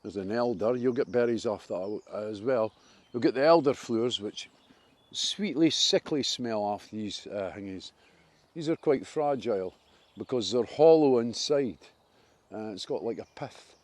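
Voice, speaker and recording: Scottish guy vlogging on a walk outside, chatty and keen on nature, middle pitch. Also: unhurried, a little mellow, no room sound. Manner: chatty, rambling, enthusiastic about nature. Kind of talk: casual walking commentary. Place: outdoors in a wooded park.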